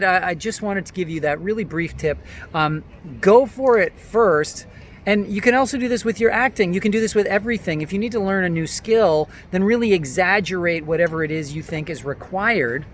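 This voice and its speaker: A man giving acting tips straight to camera in a loose, animated, chatty way. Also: high voice, a little hiss or hum. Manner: animated, loose, many fillers. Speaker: acting coach. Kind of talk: casual talking-to-camera tips.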